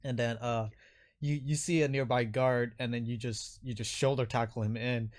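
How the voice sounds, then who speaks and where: A man's voice: medium pitch, flat delivery, normal speed. A man narrating a tabletop game as game master, with frequent hesitations and fillers.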